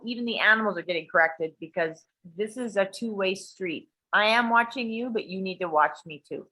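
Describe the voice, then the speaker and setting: Woman, casual profane storyteller, bright forceful voice, animated delivery. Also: medium pitch, low-quality recording. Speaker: guest sharing a personal story.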